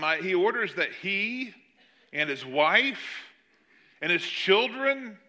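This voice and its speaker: Man preaching, high voice, very bright tone, animated storytelling, loud then quiet. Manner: animated storytelling, swings between loud emphasis and quiet asides. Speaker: pastor. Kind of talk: sermon.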